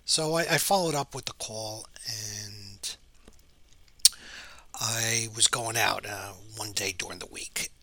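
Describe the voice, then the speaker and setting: A man, a real estate agent, telling an anecdote in a chatty, halting way, often dropping to a near whisper. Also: fairly low pitch, vocal fry, pushed and bright, slightly rough, no echo.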